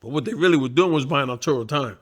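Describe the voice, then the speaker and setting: A middle-aged boxing trainer with a medium-pitched voice rattles off casual stories at a quick pace. Profane and animated, he acts out other people's voices as he quotes them.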